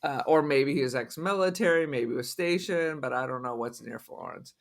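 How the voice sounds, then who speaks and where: A man's voice: mid-range voice, brisk, gravelly. A man co-hosting a podcast in casual chat, blunt and swearing freely, laughing often. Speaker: podcast co-host.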